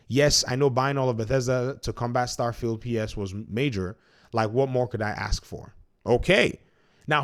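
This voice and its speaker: A man talking straight to his audience in an opinionated gaming commentary. He speaks in a medium-pitched voice and presses his points hard. He often breaks off and restarts mid-sentence as he argues. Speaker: gaming commentary channel host.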